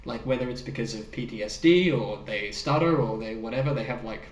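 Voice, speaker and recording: A man co-hosting a podcast in a casual film discussion, talking in an animated way with laughs and the odd swear word. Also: medium pitch, a little fast, far from the mic. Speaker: podcast co-host. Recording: roomy sound, speaker off the mic.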